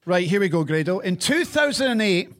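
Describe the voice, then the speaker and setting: A man's voice: very animated, brisk, fairly bright tone. A Scottish man hosting a podcast, teasing his co-host in casual chat and eager to launch into a rant. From Scotland. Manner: teasing, eager, laughs high. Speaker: podcast host, former radio presenter.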